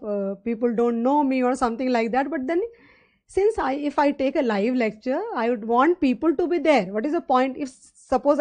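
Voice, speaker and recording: A woman's voice: high voice, darkish tone. A woman with an Indian English accent giving a live online finance lecture, chatty and rambling, with many fillers and questions to her students. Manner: conversational, rambling teaching with fillers and rhetorical questions.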